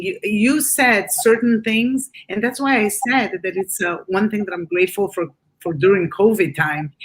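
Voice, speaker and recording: Woman, interview host, earnest, halting, medium pitch. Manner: earnest, halting with repeated starts. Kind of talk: casual interview chat.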